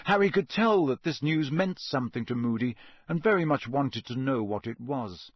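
A man giving scripted audiobook narration in a measured, steady storytelling delivery. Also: mid-range voice, husky, dry recording.

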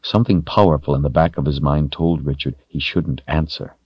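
Very deep-voiced male narrator. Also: fairly quick, breathy edge, no room sound, highs cut off. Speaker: audiobook narrator. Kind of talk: scripted fantasy narration.

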